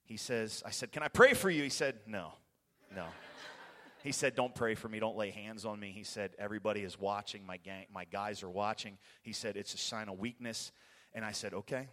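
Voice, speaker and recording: A man's voice: on the low side, fairly quick. Passionate man preaching in an echoey hall. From United States. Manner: excitable, passionate, rambling, laughs often. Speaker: guest preacher giving a testimony. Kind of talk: sermon testimony storytelling. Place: church sanctuary. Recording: long echoey hall reverb.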